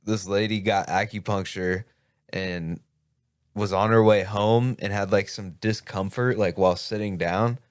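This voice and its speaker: A man's voice: lowish voice, steady tone, unhurried, dry recording, clean studio sound. A young man guesting on a podcast, laid-back and offhand in casual chat.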